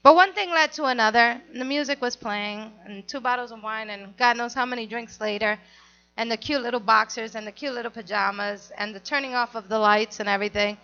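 A woman telling a candid personal story in an animated, confessional way, on a dull lo-fi recording. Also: fairly high pitch, a little fast.

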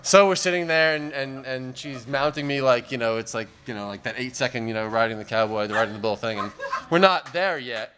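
Stand-up comic, male, mid pitch, wry and rambling, lots of "you know", faint hiss on the recording. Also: fairly quick. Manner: rambling, filler-heavy, wry. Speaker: stand-up comedian. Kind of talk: stand-up storytelling.

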